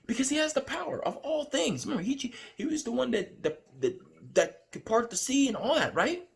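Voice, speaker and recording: A man vlogging as he recounts a dream, talking in a rambling, excitable way with many fillers and restarts. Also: high-pitched, vocal fry. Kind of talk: casual storytelling to camera.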